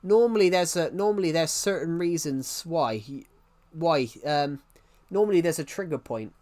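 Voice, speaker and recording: A man's voice: on the high side, lively intonation, moderate pace, a little mellow. A man with an English accent, chatting casually on a live stream, rambling and restarting his sentences as he answers viewers. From England. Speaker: livestreamer.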